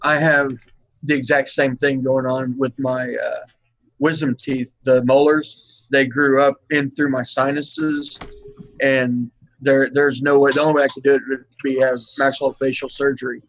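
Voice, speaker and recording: A man with an ordinary mid-range voice chatting on a live stream. He speaks in a relaxed, halting way, pausing with fillers between thoughts. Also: mid-range voice, gravelly, dry recording, low-quality recording. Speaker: livestream co-host. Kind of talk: casual live-stream chat.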